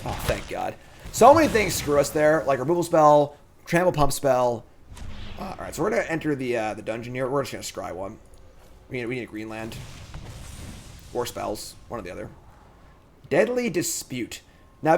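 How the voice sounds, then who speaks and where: A man talks through his moves as he streams a card game, casual and chatty, stopping now and then to answer viewers. His voice sits at an ordinary middle pitch. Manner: chatty, thinks aloud, reads chat and answers it. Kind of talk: casual live-stream commentary.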